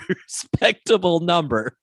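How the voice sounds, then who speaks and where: A man co-hosting a comedy podcast, wry and quick to laugh in casual banter. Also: fairly high pitch, slightly rough. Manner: animated, wry, laughs often. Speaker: podcast co-host.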